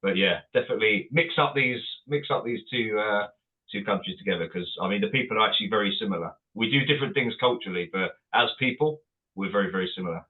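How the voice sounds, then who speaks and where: A man's voice: fairly low pitch, fast. A man from England, a band member guest, speaking earnestly and conversationally in an interview, often repeating words. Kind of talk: casual interview chat. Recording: tinny phone-like line.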